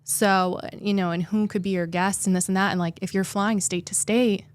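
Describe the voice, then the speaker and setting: A woman's voice: mid-range voice, fairly even intonation, moderate pace, no room sound. Heartfelt woman telling a personal story. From New Jersey. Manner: heartfelt, tearful at moments, many "like" fillers. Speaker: therapist guest.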